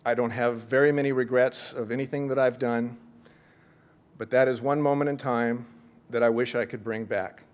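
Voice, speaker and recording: A middle-aged man from Seattle giving an earnest, reflective speech, telling a personal story with gentle humor. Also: medium pitch, steady tone, normal speed. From Seattle, USA. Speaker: speaker at a leadership event.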